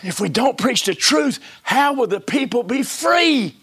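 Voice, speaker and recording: A man preaching a sermon in a church service, folksy and full of rhetorical questions, swinging between hushed whispers and shouts. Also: very high voice, very animated, unhurried, husky.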